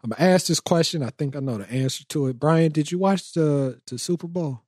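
A man's voice: a little high, brisk, a little mellow, no echo, clean studio sound. A man hosting a podcast in casual chat, teasing his co-hosts with lots of slang. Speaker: podcast host.

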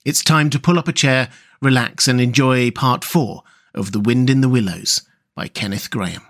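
A man hosting a story podcast and narrating a classic children's novel in a measured, gentle read-aloud manner. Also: medium pitch. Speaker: host and storyteller.

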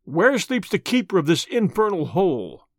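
A man voicing a bold masked highwayman who gives stern commands, read as an audiobook. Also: big pitch swings, moderate pace, no room sound, studio quality, heavily acted. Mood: commanding.

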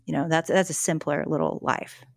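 Middle-aged woman, guest author, earnest storyteller, lowish gravelly voice, dry close sound. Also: no echo. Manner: earnest, storytelling, halting restarts. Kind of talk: conversational interview about faith and emotions.

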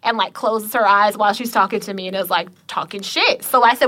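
A woman telling a story in casual podcast chat, swearing constantly and acting out the other people's lines. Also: fairly quick. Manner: animated, swears constantly, acts out quotes with big pitch jumps.

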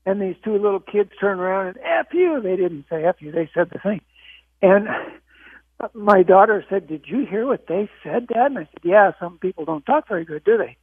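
A man's voice: high voice, moderate pace, husky, no echo. A man in his thirties calling in to a radio show with a laid-back, amused story. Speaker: caller. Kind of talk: phone-in storytelling. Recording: tinny phone line.

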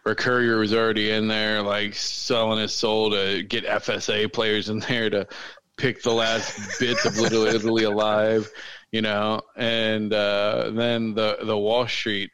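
A man's voice: fairly low pitch, flat delivery, measured pace, fairly bright tone, smooth, no echo, poor audio. A man co-hosting a podcast, chatting casually and rambling with jokes and many fillers. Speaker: podcast co-host. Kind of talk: casual chat.

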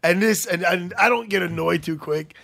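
A man co-hosting a casual talk show, telling animated, profane stories. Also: high voice, moderate pace, vocal fry, no room sound. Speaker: podcast co-host. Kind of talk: casual chat.

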